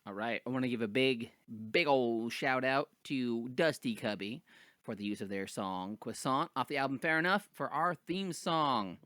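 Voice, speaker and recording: A man with a bright, forward voice, chatting loosely among friends on a podcast. He jokes, trails off and restarts, and his voice sits close and dry on the mic. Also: mid-range voice, moderate pace, no room sound. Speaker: podcast co-host. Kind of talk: casual chat.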